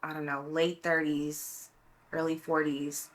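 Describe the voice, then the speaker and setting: Low-voiced young woman, heartfelt storyteller. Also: level tone, unhurried, a bit bright. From Brooklyn, New York. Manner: heartfelt, reflective storytelling with many fillers. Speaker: podcast co-host. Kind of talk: casual chat.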